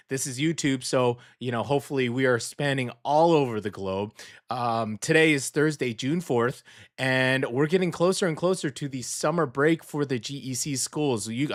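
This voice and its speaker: A man hosting a casual English morning show, joking around with a put-on Southern twang and rambling through fillers and self-corrections. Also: mid-range voice. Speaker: radio show host.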